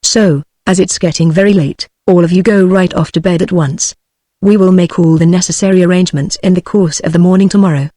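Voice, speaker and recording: A British text-to-speech woman's voice reading the lines of a gruff, dry old male badger in a storybook. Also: lowish voice, moderate pace, no echo, close to an everyday voice. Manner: flat synthetic delivery.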